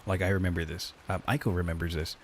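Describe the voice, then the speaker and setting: Male streamer, low voice, crude joking banter, stammering restarts, faint rain behind. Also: flat delivery, quick pace, a little hiss or hum. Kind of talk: casual stream chat.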